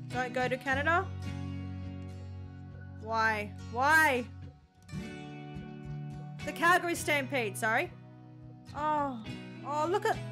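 Gushing high-voiced Australian woman. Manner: gushing, exclamatory, lots of "oh" and gasps. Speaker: reaction video host. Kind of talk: casual reaction commentary.

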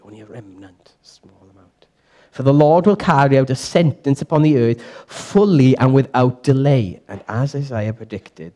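Young male church teacher, mid-pitched, casual and chatty, quizzes the room. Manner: lively, chatty, quizzes the audience, self-correcting.

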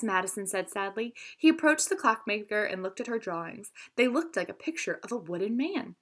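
A woman teacher reading a children's story aloud with expression, pausing now and then to explain words. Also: medium pitch, expressive.

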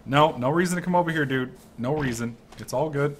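A man giving casual commentary over his own gameplay, excitable and swearing freely. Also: on the high side, a little fast, breathy edge. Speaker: let's-play gamer.

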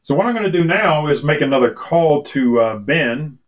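A man with a highish, expressive voice, speaking at a normal speed, gives an informal product walkthrough of a conference audio setup. He chats loosely with fillers and restarts, captured by a ceiling beamforming array mic with a little hiss or hum.

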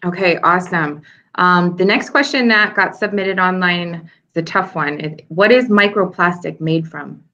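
Upbeat female moderator, crisp bright tone, video-call Q&A. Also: on the low side, moderate pace, dull audio. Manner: upbeat, reads questions from the chat. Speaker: moderator of a virtual classroom. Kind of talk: moderating a live Q&A.

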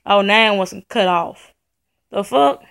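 A woman's voice: mid-range voice, measured pace, vocal fry, fairly bright tone. A furious young woman, ranting into a camera in her home studio in a profane, repetitive vlog rant. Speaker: vlogger. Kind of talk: angry venting vlog. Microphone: camera in front of her.

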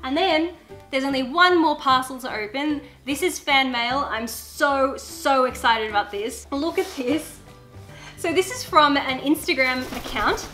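A young woman vlogs at home, opening parcels and squealing over each one. Her voice sits high and sounds crisp and bright. Faint music runs underneath. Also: unhurried. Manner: gushing and excitable, squeals over items. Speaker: YouTuber. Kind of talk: casual unboxing vlog chat.

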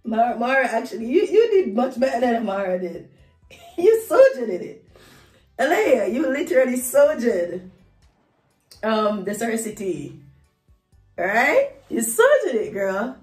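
A woman's voice: fairly high pitch, sing-song, a little slow, long pauses, a little mellow, recorded from a distance, soft background music. A woman, a vlog host and mother, chatting at home in a playful, teasing, laughing way. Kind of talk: casual home vlog chat. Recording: echoey room.

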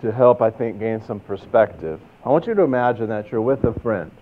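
A man's voice: fairly low pitch, lively intonation, fairly quick. Texan preacher guy, chatty storytelling sermon, sounds tinny like over a phone. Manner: conversational storytelling, rhetorical questions.

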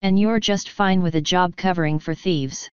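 A woman's voice: lowish voice, normal speed, smooth, no room sound, dull audio, close to an everyday voice. A woman voicing a young male pegasus pony soldier, earnest and accusing, in a storybook reading. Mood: indignant. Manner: accusing, indignant.

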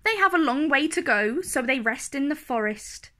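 A woman reading a picture book aloud for children, in a slow, clear, expressive way. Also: high-pitched. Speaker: storyteller.

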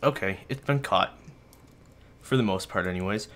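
This let's-play comes from a young host's bedroom, where he plays while joking about himself in a low, somewhat bright voice at normal speed. Rambling and a bit out of breath, he talks to his viewers and to his dog.

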